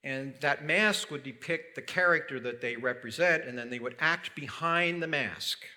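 A man delivers a sermon from the pulpit with a bright, forward tone. He keeps it conversational, throws questions to the congregation and slips in light humor. His pitch sits in a typical middle range. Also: normal speed. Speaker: pastor.

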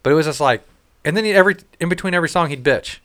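Smooth-voiced man in his thirties, ranting. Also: fairly high pitch, racing, a bit bright. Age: 30s. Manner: profane, ranting storyteller. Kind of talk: casual chat.

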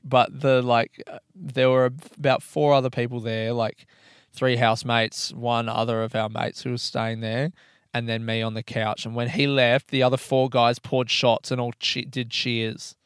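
Rambling, swearing young man with a smooth voice. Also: medium pitch, little pitch movement, normal speed, a bit bright, dry recording, clean studio sound. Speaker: comedian. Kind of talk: casual storytelling monologue. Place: parked hire car by a road.

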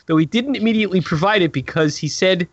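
A man's voice: high-pitched, quick pace, no room sound, lo-fi sound. A man reading news stories aloud for comic effect, breaking off for sardonic asides. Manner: sardonic asides between quotes.

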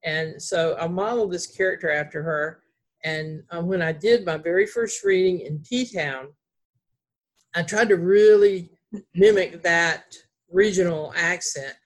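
Speaking a little slowly in a voice on the low side, a Southern-accented woman author from Greensboro, North Carolina tells rambling stories. It's a casual chat, and she uses many fillers and restarts.

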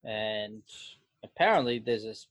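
A man's voice: fairly low pitch, animated, moderate pace, no room sound. Laid-back man co-hosting a podcast. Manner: laid-back, blunt, slangy. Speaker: podcast co-host. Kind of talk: casual banter.

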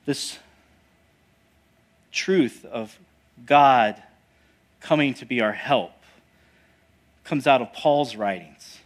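A male pastor preaching a sermon, moving between hushed asides and loud, emphatic declarations and putting rhetorical questions to the congregation. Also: mid-range voice, very slow, pauses often.

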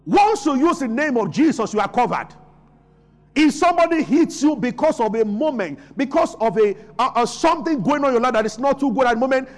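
A man's voice: very high-pitched, animated, fairly quick. A man preaching a sermon as pastor, asking the congregation questions and answering them himself.

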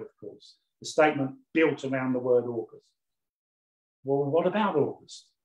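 A man's voice: fairly high pitch, echoey room, poor audio. A man teaching a class on mediumship, explaining his points patiently and repeating key phrases for emphasis. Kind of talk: lecture on mediumship.

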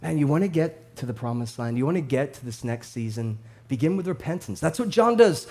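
A man in his thirties preaching a sermon as a pastor, animated and storytelling, swinging between hushed and loud with laughs. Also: on the high side, fairly quick, few pauses.

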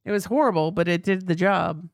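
A woman's voice: on the low side, brisk, gravelly, no echo, clean studio sound. A woman with a Southern US accent co-hosting a casual podcast, swearing freely and mimicking voices when she quotes people. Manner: profane, playful, mimics voices when quoting. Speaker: podcast co-host.

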